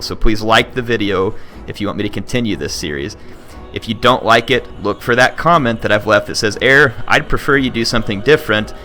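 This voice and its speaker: A man's voice: on the low side, pushed and bright. A man talking casually to his viewers as a gaming video host, earnest and rambling with frequent restarts. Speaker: gaming YouTuber.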